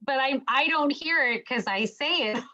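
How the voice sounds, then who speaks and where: A woman's voice: sits high, normal speed, bright, forceful tone, dull audio. A woman from Canada with a Canadian accent, a guest chatting casually and telling cheerful stories. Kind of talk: casual chat.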